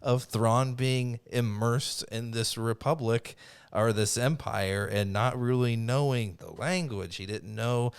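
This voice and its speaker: A man's voice: mid-range voice, slow pace, creaky, clear, resonant tone. A man co-hosting a podcast, rambling enthusiastically through his retellings in casual chat. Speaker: podcast co-host.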